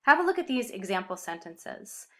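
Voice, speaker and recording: A woman explaining grammar in a clear, upbeat video lesson with Spanish example words. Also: mid-range voice, big pitch swings, normal speed. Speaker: Spanish teacher.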